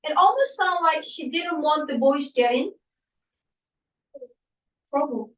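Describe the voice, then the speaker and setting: A woman's voice: high-pitched, expressive, takes it slowly, fairly bright tone. A woman teaching an English reading lesson, prompting her student with many checking questions. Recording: roomy sound, distant from the mic.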